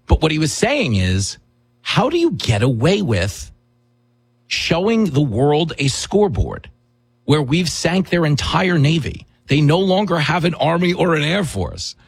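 Husky, combative male talk host. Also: on the high side, big pitch swings, measured pace, no echo, rough recording. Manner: combative, rhetorical, with mocking asides. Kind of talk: opinionated political commentary.

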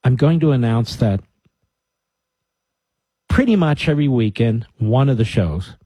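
A man's voice: mid-range voice, warm tone, husky, no echo. A man hosting a radio talk show, giving an emphatic monologue to his listeners with mocking asides. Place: radio studio.

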